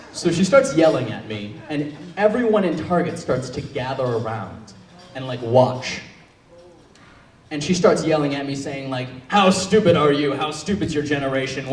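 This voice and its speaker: Young man doing deadpan stand-up. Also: medium pitch. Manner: deadpan storytelling with punchline pauses. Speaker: stand-up comedian. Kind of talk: stand-up comedy set. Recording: echoey hall, distant mic.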